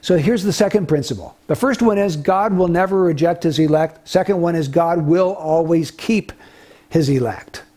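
A man's voice: fairly high pitch, normal speed, mellow. A man preaching an expository sermon, retelling a story in an earnest way with small restarts.

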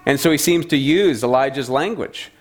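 A man's voice: medium pitch, normal speed. A man preaching a sermon in a conversational, humorous storytelling way.

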